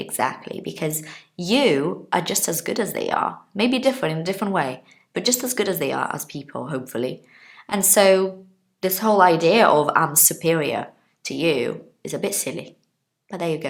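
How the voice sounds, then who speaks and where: A woman in her thirties teaching English in a relaxed, chatty way. Her fairly low voice moves up and down a lot as she explains words with everyday examples and keeps asking her viewers if they follow. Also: fairly quick. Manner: chatty, explains with examples, asks listeners questions. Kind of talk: casual online English lesson.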